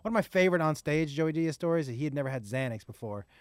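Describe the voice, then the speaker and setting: A man's voice: fairly high pitch, fast talker, no room sound, clean studio sound. A man who is a comedian guest on a podcast, telling stories in casual chat and swearing freely. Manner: animated storyteller, swears freely.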